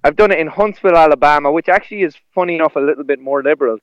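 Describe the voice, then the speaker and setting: A man who works as a stand-up comedian, talking in a relaxed, rambling way. His voice sits somewhat high and comes through smooth and clear. The recording is dry and a little dull. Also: racing, no echo. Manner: rambling, with restarts and laughs. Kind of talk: casual conversation.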